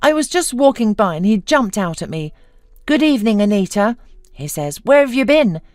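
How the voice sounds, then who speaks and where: A woman's voice: medium pitch, sing-song, a little mellow, dry recording, clean studio sound, pitched above the performer's own voice, lightly acted. A woman voicing a whiny, scheming young homeless woman who talks in a hurry. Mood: whining. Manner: whiny, hurried.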